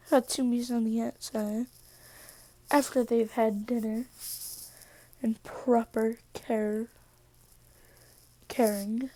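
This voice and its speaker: A tired woman tells a fan story in a casual, rambling way, full of "so" and "yeah." Her voice is mellow and somewhat high, and she talks slowly. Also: no room sound.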